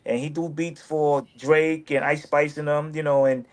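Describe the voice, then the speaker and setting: A man with a slightly high voice tells a rambling personal story in loose, casual talk. He circles back on his points and jumps into animated quoted dialogue, his voice climbing when he plays the other people. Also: moderate pace.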